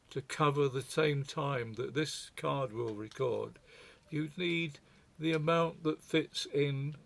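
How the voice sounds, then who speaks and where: A man's voice: mid-range voice, gravelly. An older man presenting a talk, telling stories in a wry, digressive way. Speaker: speaker presenting to a forum.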